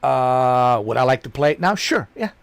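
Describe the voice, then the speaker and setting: A streamer chatting casually, ranting in a rambling, blunt and profane way and repeating himself. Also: male voice, mid-range voice, animated, normal speed, creaky, smooth, no room sound.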